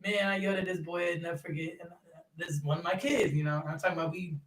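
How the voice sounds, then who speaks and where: A man's voice: a little high, steady tone, quick pace. A young man chats animatedly about coaching kids, laughing often and leaning on fillers. He sits some distance from the mic. His voice carries a noticeable room echo. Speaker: youth basketball coach and third-grade teacher. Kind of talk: casual interview chat. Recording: roomy sound from off-mic.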